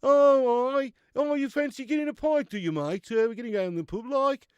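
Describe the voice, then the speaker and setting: A man putting on a loud, chummy male pub-goer, talking in a sing-song way. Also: very high voice, brisk, clean tone, dry recording, voice pushed up. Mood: rowdy.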